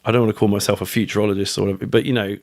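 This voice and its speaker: A man's voice: fairly low pitch, rapid-fire. Chatty British man, middle-aged. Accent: British English. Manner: rambling, animated, with fillers and casual swearing. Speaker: guest author. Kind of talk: casual podcast interview.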